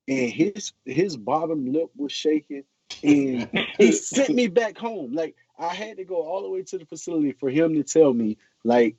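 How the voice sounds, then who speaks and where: A man's voice: a little high, big pitch swings, moderate pace, dark tone, husky, no room sound. A man, a former pro football player, telling a story animatedly on a video call, acting out quotes with many restarts. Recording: muffled call audio.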